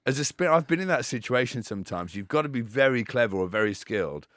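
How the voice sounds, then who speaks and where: A man telling stories on a podcast, animated and quick to laugh and swear. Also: mid-range voice, no room sound, studio quality. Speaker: guest, former cricketer. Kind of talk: casual chat.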